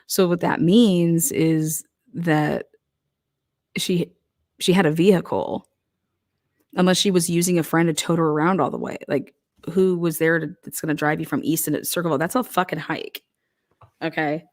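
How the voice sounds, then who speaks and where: In a low voice with fairly steady intonation and normal speed, this woman delivers casual, profanity-laced true crime commentary. As a commentator on the case, she comes across as blunt and heated, leaning on rhetorical questions.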